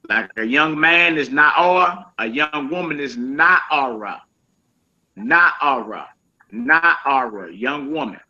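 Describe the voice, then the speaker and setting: A man teaching a casual Hebrew vocabulary lesson, saying each word slowly and repeating it, with relaxed slang asides to his listeners. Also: medium pitch. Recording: dull lo-fi sound.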